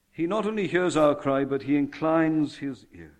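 A man preaching a sermon, alternating loud proclamations with slow, hushed, tender passages and emphatic repetition. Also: on the high side.

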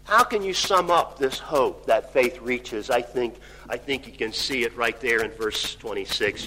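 A man preaching a sermon on scripture, explaining a text verse by verse and rising to loud, emphatic exclamations on key points. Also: mid-range voice, expressive, a little slow. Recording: reverberant hall with faint hum.

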